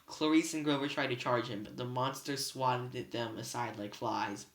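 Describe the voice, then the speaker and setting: A reader narrating a novel chapter aloud in first person, steady but with slips and restarts. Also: medium pitch, moderate pace. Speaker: student reader. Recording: roomy echo.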